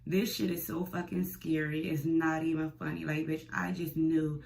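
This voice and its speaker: A young woman vlogger telling a storytime tale, blunt and profane, animated and chatty. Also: low-pitched, normal speed, creaky, low-quality recording. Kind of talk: storytime vlog.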